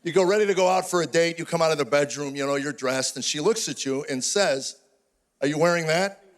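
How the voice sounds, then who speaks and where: An older man performing live stand-up comedy on stage, telling rapid-fire stories with exasperated punchlines. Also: on the high side. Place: stage before a live audience.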